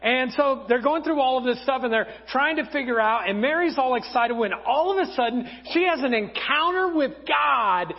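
A male pastor preaching a sermon, telling a story with lively acted voices. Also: extremely high pitch, normal speed, creaky, hardly any pauses. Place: church hall. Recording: dull sound, long church reverb.

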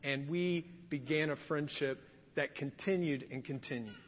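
A man's voice: fairly high pitch, normal speed. A male pastor delivering a humorous storytelling sermon, acting out scenes in quoted voices. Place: church sanctuary. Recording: dull lo-fi sound with long hall reverb.

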